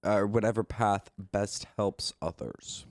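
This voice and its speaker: A man hosting a casual podcast chat, reading out quiz questions and needling his co-host in a deadpan, teasing way. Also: on the low side, takes it slowly, dry recording, clean studio sound.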